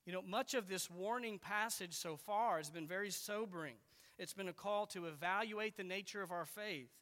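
Emphatic high-voiced man preaching. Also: normal speed, bright, forceful tone, long reverb tail. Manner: earnest, emphatic, repeats key words. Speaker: pastor. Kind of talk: expository sermon.

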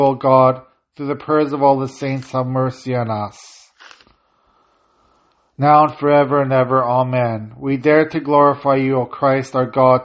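A man leading a prayer service, chanting and intoning the prayers, with short plain-spoken asides between them. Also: mid-range voice. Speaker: prayer leader. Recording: slightly dull lo-fi audio.

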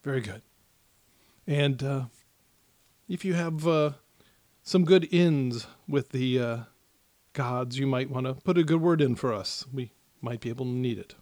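A man narrating as game master of a tabletop game, with many pauses and restarts. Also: mid-range voice, darkish tone, no echo. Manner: hesitant, many fillers and restarts.

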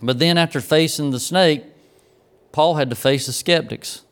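Speaking at an ordinary speed in a slightly high voice, this preacher spins a homespun tale from his own life before reaching the sermon's lesson. His storytelling is folksy, turning lively and full of laughter when the story gets funny.

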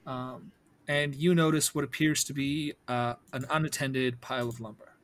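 A man's voice: mid-range voice, moderate pace, slight background noise. Man running a tabletop game. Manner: calm, questioning, with frequent fillers. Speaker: game master.

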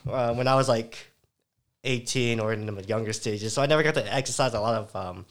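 A man's voice: medium pitch, a little fast. A young man in his twenties, chatting casually and laughing often, in a laid-back slangy way. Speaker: guest, breakdancer. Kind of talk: casual chat.

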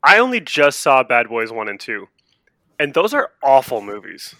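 A man with a gravelly, bright, edgy voice trading sarcastic remarks in a casual podcast chat. The recording is close and dry, with no room sound. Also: mid-range voice, big pitch swings, normal speed, dry recording. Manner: wry, sarcastic interjections. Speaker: podcast co-host.

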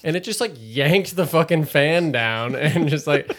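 A man's voice: on the high side, lively intonation, measured pace, a bit bright. A young man, a stand-up comedian, talking loosely in a casual podcast conversation, rambling with lots of fillers and restarts.

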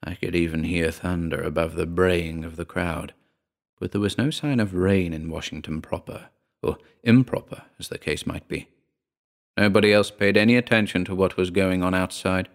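A man reading a first-person story aloud in a wry, measured way. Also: low-pitched, fairly even intonation. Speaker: narrator.

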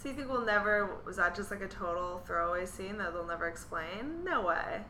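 An animated woman co-hosting a podcast, full of questions and exclamations. Her voice is bright and forward. The room is echoey, with a faint hum of ambience behind her. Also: mid-range voice, fairly quick. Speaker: podcast co-host. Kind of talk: casual chat.

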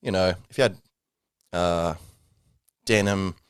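A man's voice: deep voice, steady tone, slow, clean tone, no room sound, studio quality. A man hosting a casual solo podcast, rambling with many fillers and self-corrections. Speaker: podcast host.

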